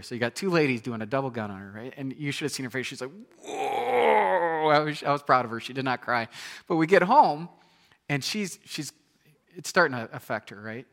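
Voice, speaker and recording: A man in his thirties preaching a sermon in a conversational, animated storytelling way, often repeating his words. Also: medium pitch.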